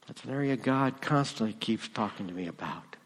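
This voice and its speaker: A man's voice: on the low side, animated, brisk, breathy edge, long reverb tail. A man preaching a sermon as pastor, conversational and rising to emphatic moments.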